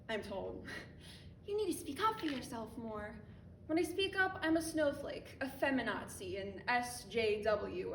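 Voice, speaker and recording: A woman's voice: fairly high pitch, noisy background. A teenage girl performing a spoken word poem on a school theatre stage in a defiant, impassioned manner. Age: teens. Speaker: student poet. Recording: echoey hall from a distance.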